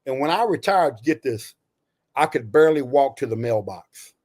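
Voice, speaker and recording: A man in his sixties from Texas, a retired Army veteran, telling his story in a podcast interview in an animated, folksy way. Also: mid-range voice, moderate pace. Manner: animated, folksy, says "you know" and "right?" often.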